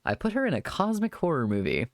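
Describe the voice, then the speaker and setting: Brief: rambling male streamer, lively voice with a gravelly edge, dry close sound. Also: on the high side, fast talker, no room sound. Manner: rambling, chatty, improvising; thanks viewers for follows. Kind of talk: casual live-stream chat.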